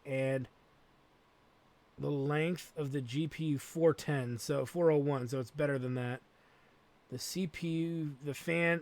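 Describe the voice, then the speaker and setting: A man hosting a let's play, thinking aloud as he plays and swearing freely. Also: a little high. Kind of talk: gameplay commentary.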